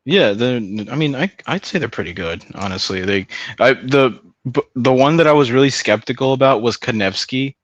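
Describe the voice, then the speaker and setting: A man's voice: medium pitch, expressive, moderate pace, dry recording, dull audio. A man chatting casually on a stream, rambling, swearing a lot and laughing often. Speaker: stream host. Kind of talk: casual chat.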